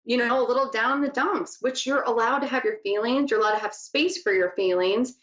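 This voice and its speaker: A woman's voice: a little high, a little fast, a bit bright. A woman hosting a psychic talk show, teaching in a casual, chatty way that often drifts off topic. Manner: chatty, laughs easily, wanders off topic. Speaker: psychic radio host. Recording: echoey lo-fi room sound.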